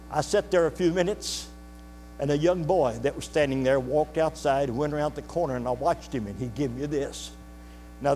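Older pastor telling a story in an echoing hall. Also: male voice, a little high, warm tone. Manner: folksy, earnest storyteller who asks the congregation questions. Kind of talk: sermon storytelling. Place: church sanctuary. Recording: reverberant hall with faint mains hum.

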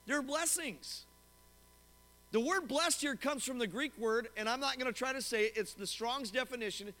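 A man preaching a sermon as pastor to his congregation, animated and often asking them questions. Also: very high voice, moderate pace. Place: church sanctuary. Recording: long hall reverb.

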